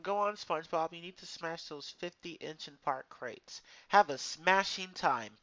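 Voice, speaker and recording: A man's voice: on the high side, moderate pace, pushed and bright, dry recording, highs cut off. A man streaming a video game live, grumbling bluntly and swearing at it as he plays. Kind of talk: casual live gameplay commentary. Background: game music playing.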